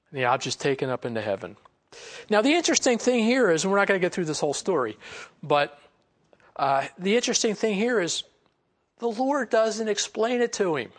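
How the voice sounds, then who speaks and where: A man preaching a Bible lesson in a relaxed, conversational way, acting out quoted lines and chuckling as he goes. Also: high-pitched. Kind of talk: sermon.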